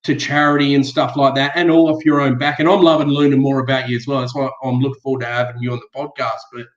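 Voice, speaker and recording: A man's voice: medium pitch, little pitch movement, fast talker. An Australian man guesting on a casual live-stream chat, earnest and blunt with plenty of swearing. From Western Australia. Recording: echoey dull video call.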